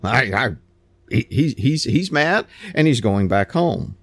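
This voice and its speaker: A man preaching a sermon, retelling a scripture story in plain everyday words with animated storytelling. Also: medium pitch, takes it slowly, no echo.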